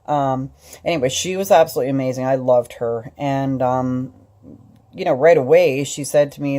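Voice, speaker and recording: A middle-aged woman recounts a personal story to her viewers in a loose, rambling vlog style, with plenty of fillers and restarts. Her voice sits low and sounds mellow and relaxed. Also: moderate pace. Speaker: vlogger.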